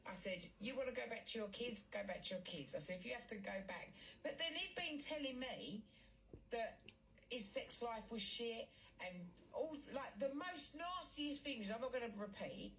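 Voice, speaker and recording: A woman's voice: on the high side, expressive, moderate pace, a bit bright. A woman telling a story in casual chat. She is blunt, swears heavily and acts out the dialogue. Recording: distant mic, faint background noise.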